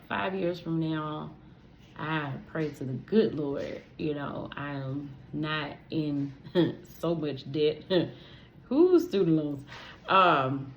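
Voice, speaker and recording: Low-voiced chatty woman podcaster. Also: dull audio, slight background noise. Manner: chatty and expressive, talks straight to listeners, laughs easily. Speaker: podcast host. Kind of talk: casual solo podcast chat.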